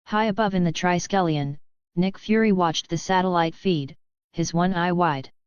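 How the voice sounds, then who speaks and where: Low smooth woman narrating a story. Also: moderate pace, no room sound. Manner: steady storytelling. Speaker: audiobook narrator. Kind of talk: scripted narration. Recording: muffled lo-fi recording.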